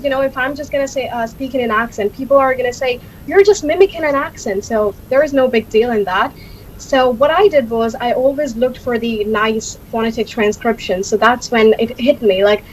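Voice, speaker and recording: High-voiced woman, chatty guest. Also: a little hiss or hum, rough recording. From India. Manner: chatty, many fillers and restarts. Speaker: guest, accent learner. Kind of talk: casual interview answers.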